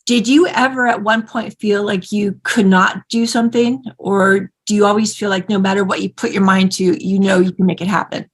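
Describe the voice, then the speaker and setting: A woman hosting an interview, asking effusive, halting questions with many restarts. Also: mid-range voice, fairly even intonation, slightly rough. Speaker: interview host.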